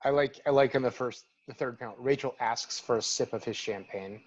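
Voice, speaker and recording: A man's voice: medium pitch, fairly quick. Male guest, keen detail-spotter, casual chat, slightly muffled lo-fi audio. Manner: enthusiastic, points out details he likes. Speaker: podcast guest. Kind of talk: casual comic book discussion.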